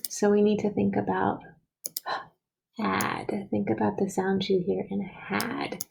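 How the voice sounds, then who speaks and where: A woman teacher guides young children through writing a sentence, spelling and sounding out each word with care. Her voice is mellow and slightly gravelly, and she speaks slowly and deliberately. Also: mid-range voice, completely flat delivery, slight background noise, poor audio. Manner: slow, patient, sounds out words and letters.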